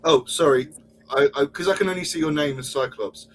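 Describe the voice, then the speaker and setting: A man's voice: on the high side, brisk. A young man hosting a stream, chatting in a goofy, joking way. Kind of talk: casual chat.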